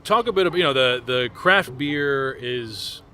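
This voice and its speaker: A man's voice: mid-range voice, lively intonation, normal speed, bright, forceful tone, a little hiss or hum. A man interviewing a guest, asking long, hedged, rambling questions. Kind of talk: conversational interview.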